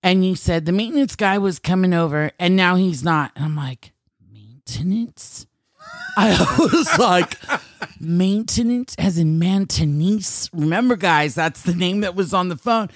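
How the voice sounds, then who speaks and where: A woman's voice: on the low side, normal speed, hardly any pauses, no echo, clean studio sound. A woman co-hosting a podcast, telling a story in casual chat, laughing often and acting out the lines she quotes. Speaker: podcast co-host.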